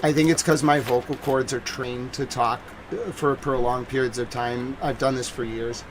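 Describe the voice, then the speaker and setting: Boston guy rambling on his news stream, lots of "like", medium pitch, bit of noise behind. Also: steady tone, normal speed, rough recording. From New England. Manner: rambling, many fillers like "like". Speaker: news livestreamer. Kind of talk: casual livestream monologue.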